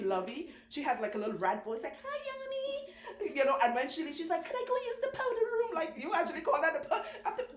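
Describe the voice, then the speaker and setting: A woman who owns a salon, telling long stories in a chatty, animated way and laughing often. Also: high-pitched. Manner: chatty, animated, laughs often, does quick voices for people she quotes. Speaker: loctician, channel host. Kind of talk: casual storytelling talk. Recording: echoey room with faint background noise.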